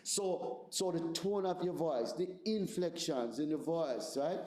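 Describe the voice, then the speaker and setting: A man's voice: fairly high pitch, lively intonation, a little slow, darkish tone. A man in his forties with a Jamaican accent, a pastor teaching a seminar in a conversational way, often checking in with "right?". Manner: conversational, repeats words, asks "right?". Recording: roomy echoey room.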